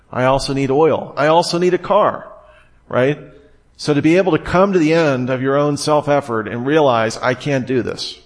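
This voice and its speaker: A man giving expository Bible teaching, explaining a passage step by step and reading scripture aloud in a measured way. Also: medium pitch.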